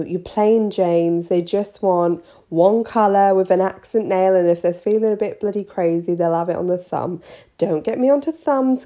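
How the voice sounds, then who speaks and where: A woman's voice: mid-range voice, mellow. A woman, a nail artist, rambling cheekily through a casual tutorial vlog.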